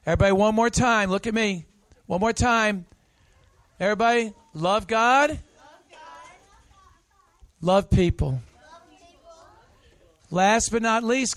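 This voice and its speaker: A pastor with a high-pitched, slightly bright voice preaches an interactive sermon. He uses slow, emphatic phrases to coax the congregation into call-and-response.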